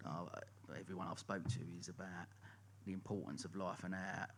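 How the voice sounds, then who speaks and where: Essex guy hosting a live pod, lowish voice, bright, rambly questions, bit of noise behind. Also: flat delivery, brisk. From England, Essex. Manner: loose, rambling questions with fillers, laughs easily. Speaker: podcast host. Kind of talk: live podcast interview. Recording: faint background ambience.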